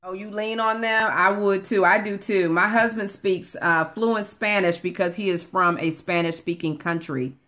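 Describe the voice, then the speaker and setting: A woman's voice: mid-range voice, steady tone, normal speed, few pauses, a bit bright. A woman coaching viewers on a casual live stream, chatting and reading comments aloud, calling people honey. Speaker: online course coach.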